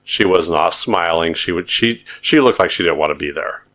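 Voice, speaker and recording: A man's voice: low-pitched, normal speed, fairly bright tone. A man co-hosting a podcast, telling stories in a rambling, hesitant casual chat. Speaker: podcast co-host.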